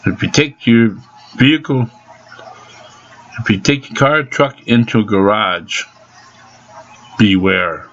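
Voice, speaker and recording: A man's voice: lowish voice, slow, pauses often, a bit bright, lo-fi sound. A man venting angrily in a profane vlog monologue about his car being repaired. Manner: angry, cursing constantly.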